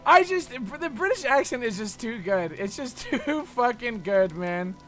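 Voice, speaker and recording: A woman's voice: a little high, animated, a little slow, fairly bright tone, faint music behind. A woman streaming a game, chatting casually, teasing and giggling, with frequent swearing. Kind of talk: casual gaming stream chat.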